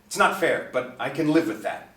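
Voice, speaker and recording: A man voicing a dignified, grieving middle-aged superstar father who speaks in a composed, measured way in a storybook reading. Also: medium pitch, lively intonation, fairly bright tone, pitched above the performer's own voice, close to an everyday voice. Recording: echoey, distant mic.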